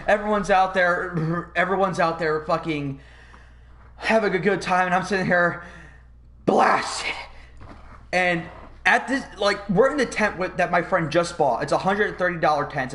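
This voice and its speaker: Young guy rambling through a wild story on his podcast, swears a lot, kinda high voice. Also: normal speed. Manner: rambling, profane, animated retelling. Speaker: podcast host. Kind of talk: casual storytelling.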